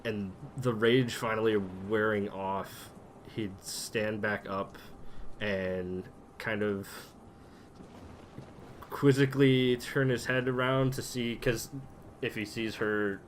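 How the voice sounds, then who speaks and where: A man playing a tabletop game, describing his character's actions slowly with many fillers. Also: lowish voice, steady tone, slight background noise. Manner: unhurried, full of fillers. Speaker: player.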